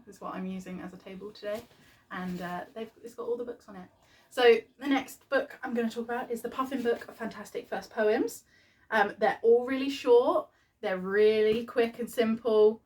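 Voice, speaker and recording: A woman's voice: medium pitch, moderate pace. A woman in her thirties with a British accent chats casually about her home life, rambling a little and breaking into laughter. Her voice sits in an ordinary middle register for a woman. It's picked up from a small distance, so it sounds a bit off-mic. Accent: British English. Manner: chatty, rambling, laughs often. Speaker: parenting vlogger. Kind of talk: casual chat. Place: home nursery.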